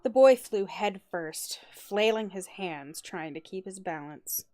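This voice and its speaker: A woman narrates a first-person story aloud in an expressive, dramatic way. Her voice sits at a middling pitch, and she breaks into quick laughing asides. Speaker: streamer reading a story aloud.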